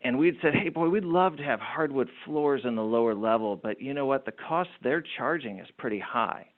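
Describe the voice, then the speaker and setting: An entrepreneur tells anecdotes in a lively, animated way, often restarting his sentences. His voice sits at a middle pitch. It comes through a thin, tinny, phone-like line. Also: moderate pace. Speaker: entrepreneur guest. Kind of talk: storytelling interview talk.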